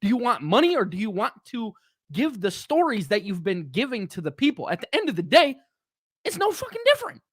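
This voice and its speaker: Man, livestream host, heated profane rant, pitch jumping all over, dry close sound. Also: sing-song, fairly quick, slightly rough, no echo. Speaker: channel host. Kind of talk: livestream wrestling talk.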